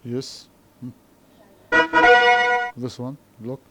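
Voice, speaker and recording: A man with an Arabic accent teaching an English lesson, speaking slowly and checking understanding with repeated questions. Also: medium pitch, flat delivery, loud music behind the voice. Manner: slow, repetitive, frequent questioning tags. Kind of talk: classroom lesson explanation.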